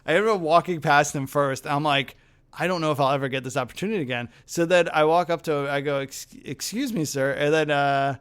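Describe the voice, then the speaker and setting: Brief: young male podcast host, smooth and clear, lively storyteller who acts out quotes. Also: a little high, fairly quick. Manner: lively, acts out other people's lines in his stories. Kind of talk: casual storytelling chat.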